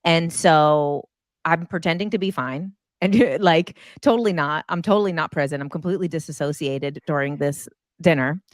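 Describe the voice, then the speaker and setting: A woman in her thirties telling a personal story in casual chat, animated and acting out her own past reactions. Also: normal speed, no echo, clean studio sound. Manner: animated, acts out her own past lines in high excited bursts.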